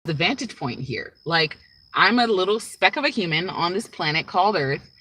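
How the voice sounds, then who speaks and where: Bright-voiced woman musing on spirituality. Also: lowish voice, expressive, normal speed, rough recording. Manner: rambling, with frequent "right?" and "like". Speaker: spiritual teacher. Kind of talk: casual spiritual monologue.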